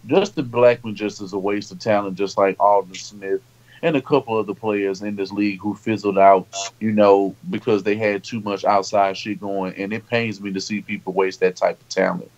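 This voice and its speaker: A man co-hosting a casual sports talk show, animated, swearing freely and repeating himself when worked up. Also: on the low side, moderate pace. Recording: dull lo-fi stream audio.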